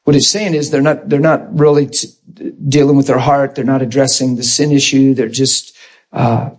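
A man's voice: medium pitch, flat delivery, normal speed, slightly rough. A man preaching a conversational sermon in an informal, plain-spoken way, often checking in with his listeners.

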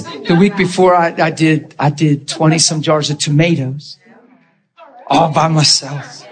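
A man preaching a sermon, telling a personal story in an animated, laughing way and acting out the people in it. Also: a little high. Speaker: pastor. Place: church.

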